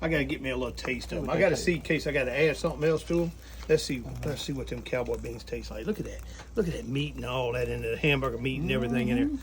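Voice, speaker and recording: A man's voice: mid-range voice, quick pace, poor audio. A man hosting a casual outdoor cooking vlog, talking folksy to viewers as he cooks. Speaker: cooking channel host. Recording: sizzling griddle noise behind.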